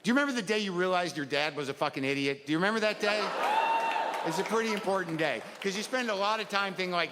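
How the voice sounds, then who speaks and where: A man's voice: sits high, expressive, quick pace. A middle-aged man doing a stand-up comedy set, ranting in a neurotic, self-deprecating way and acting out little asides. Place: stage in a comedy venue. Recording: live venue with long reverb and loud crowd noise.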